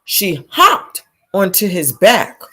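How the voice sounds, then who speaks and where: A woman reading a picture book aloud to children, animated and exclamatory, stopping to ask them questions. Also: medium pitch, takes it slowly, a little hiss or hum. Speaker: storytime reader for children.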